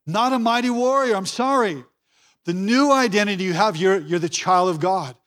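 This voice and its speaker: High-voiced man preaching a sermon. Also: normal speed, a bit bright. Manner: preaching with emphatic repetition, acts out quoted voices. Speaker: pastor.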